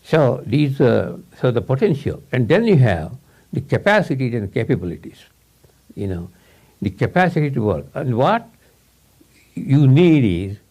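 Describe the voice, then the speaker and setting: This spiritual teacher has a mid-pitched, sing-song voice that is darkish and a bit rough, and he keeps a measured pace. Addressing students informally in English, which isn't his first language, he meanders, repeats himself, and laughs softly a lot.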